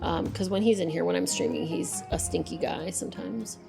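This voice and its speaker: Chatty, gravelly streamer woman. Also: on the low side, fairly quick, few pauses, dark tone, faint music behind. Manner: chatty, thinks aloud, many fillers. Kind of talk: live game stream commentary.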